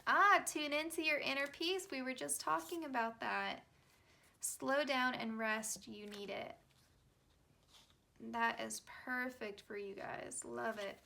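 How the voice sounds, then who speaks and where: A woman's voice: high-pitched, slow pace, vocal fry, sharp tone. A young woman giving a casual, chatty tarot reading, reassuring her viewers with plenty of fillers. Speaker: tarot reader.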